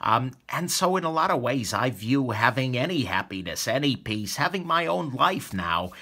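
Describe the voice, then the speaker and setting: A young adult man who reviews knives hosts his own channel, chatting casually and enthusiastically to viewers with jokey asides. His mid-range voice is bright and forceful, very animated, and moves at normal speed.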